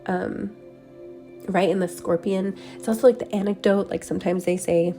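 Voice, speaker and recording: A woman with a mellow, slightly low voice drifts through a spiritual transmission, wandering from thought to thought with plenty of soft fillers. Faint music plays quietly under her. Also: fairly even intonation, moderate pace. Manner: dreamy, meandering, many "like" and "um" fillers. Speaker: spiritual channeler. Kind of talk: meditative energy transmission talk.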